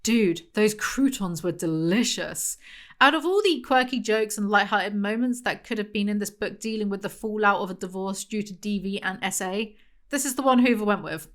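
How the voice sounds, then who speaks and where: A woman reviews a book sarcastically, reading passages aloud and mocking them in a dry tone, laughing often. Her voice is medium-pitched and a bit bright.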